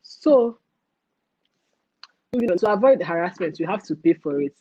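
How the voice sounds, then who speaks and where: A young woman with a Nigerian accent hosting a casual livestream rant, animated and mixing in pidgin phrases. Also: on the low side, a little slow, no room sound, highs cut off. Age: young adult. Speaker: livestream host.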